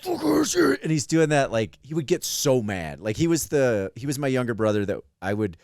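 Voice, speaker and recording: Male podcast co-host, swears freely, animated storyteller, dry room. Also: medium pitch, fairly quick, clear, resonant tone, no echo. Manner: animated, profane, acts out quoted voices. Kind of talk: casual chat, storytelling.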